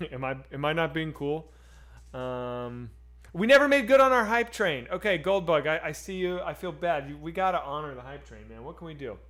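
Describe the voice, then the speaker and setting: A man's voice: on the high side, animated, moderate pace, a bit bright. A man co-hosting a casual livestream chat, loose and laughing, swearing freely. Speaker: streamer co-host.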